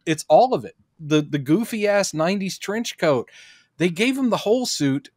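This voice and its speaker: Man, podcast co-host, casual chat, animated, fairly high voice, dry close sound. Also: normal speed, no room sound. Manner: animated, acts out quotes in high put-on voices.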